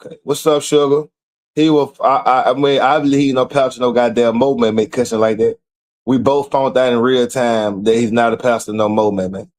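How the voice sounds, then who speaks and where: A man's voice: medium pitch, fairly even intonation, normal speed, darkish tone. A man hosting a streamed show, reading out messages and mocking them in a profane, incredulous commentary. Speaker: show host.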